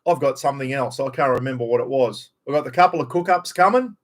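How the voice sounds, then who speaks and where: A man's voice: mid-range voice, fast talker. Blunt North Queensland Australian bloke. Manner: blunt, rambling, swears freely. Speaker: live stream host. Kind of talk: casual live stream chat.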